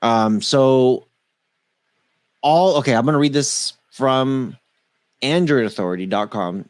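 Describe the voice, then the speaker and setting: A man co-hosting a casual tech podcast, reading quickly through a long list and tripping over names. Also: medium pitch. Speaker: podcast co-host.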